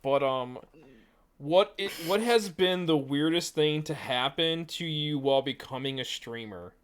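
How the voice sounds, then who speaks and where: A man's voice: a little high, unhurried, clear, resonant tone. A man in his thirties hosting a podcast, chatting casually in a teasing way and laughing a lot. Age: 30s. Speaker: podcast host. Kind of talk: casual chat.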